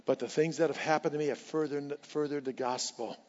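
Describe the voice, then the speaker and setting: A pastor preaching a sermon with passion, repeating key lines for emphasis. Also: male voice, fairly high pitch, fairly even intonation, a little fast. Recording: dull sound with long hall reverb.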